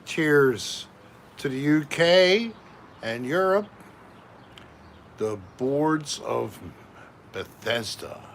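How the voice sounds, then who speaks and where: A man's voice: mid-range voice, very animated, very slow, gravelly, pauses often, a bit bright, a little hiss or hum. A man hosting a casual live stream from home, chatting with viewers and reading out their names one by one. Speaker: livestream host.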